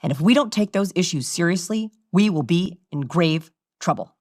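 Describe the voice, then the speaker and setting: A woman imitating a male national leader delivering a grave, measured speech, each phrase sloping downward at the end. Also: fairly low pitch, lively intonation, a little mellow, no echo, studio quality. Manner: slow, deliberate, words sloped downward at each end.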